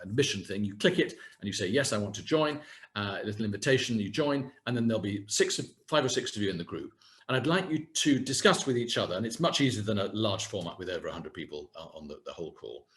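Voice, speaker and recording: A man in his sixties, a communication coach giving a live online workshop over a video call, animated and self-deprecating as he demonstrates exercises. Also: lowish voice. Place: home setting, UK. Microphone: video call webcam.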